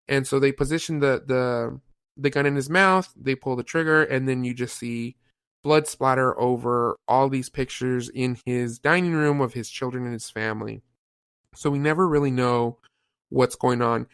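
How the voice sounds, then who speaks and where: A man hosting a casual review show, retelling film scenes in an animated, rambling way with lots of fillers. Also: medium pitch, normal speed, clean tone, no echo, studio quality. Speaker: podcast host reviewing a film. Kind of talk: casual chat.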